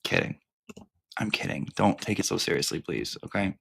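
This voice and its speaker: A man's voice: low-pitched, big pitch swings, moderate pace, creaky, fairly bright tone, slightly rough. A man hosting a live stream in casual chat, campy, profane and rambling.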